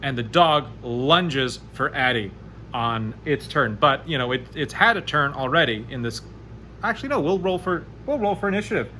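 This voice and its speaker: A man narrating a solo tabletop game, chatty and animated as he rolls dice aloud. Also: medium pitch, normal speed, slight background noise. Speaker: game master playing solo.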